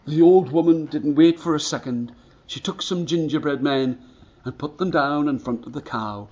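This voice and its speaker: A man telling stories to schoolchildren, animated, and inviting the children to join in the actions. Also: a little high, normal speed, in a large hall. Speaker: storyteller. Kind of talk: storytelling to schoolchildren. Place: school hall.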